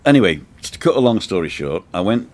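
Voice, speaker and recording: A man's voice: sits low, very animated, brisk, darkish tone. A man tells a long, chatty story on his live show, wandering off into asides as he goes. He speaks casually from an outdoor balcony in the sun. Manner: chatty, rambling anecdotes with asides. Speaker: host.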